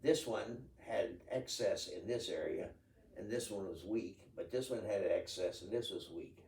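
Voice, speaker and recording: A man, a pastor hosting an interview, talking in a halting, casual way. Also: lowish voice, vocal fry, darkish tone. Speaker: pastor, host. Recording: echoey room, distant mic.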